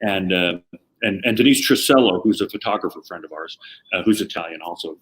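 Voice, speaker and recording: A man, an entertainment reporter, telling stories in a rambling, relaxed way as a guest on a casual video chat. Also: low-pitched, brisk, low-quality recording.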